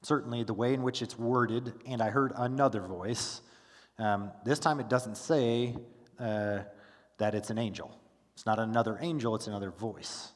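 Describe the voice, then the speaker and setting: A man teaching a Bible study class in a relaxed, conversational way, full of fillers and restarts, who stops to ask his class questions. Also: fairly low pitch, normal speed, big-room sound. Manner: casual, with frequent fillers and restarts. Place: church classroom.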